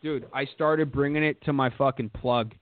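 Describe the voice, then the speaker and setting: This young man hosts a podcast at normal speed, his medium-pitched voice fairly even as he rambles crudely, curses, and says "dude" constantly. There's no echo in the dry, phone-like lo-fi recording.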